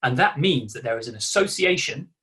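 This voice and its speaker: A man's voice: medium pitch, expressive, fairly quick, pushed and bright. A man presenting a live online workshop over a video call, talking in a conversational way and acting out examples of self-talk.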